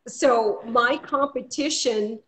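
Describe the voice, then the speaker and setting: A woman's voice: fairly high pitch, slow pace, fairly bright tone, rough recording. A woman from Maine, a guest on a live video call interview, chatty and greeting viewers by name. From Maine, USA.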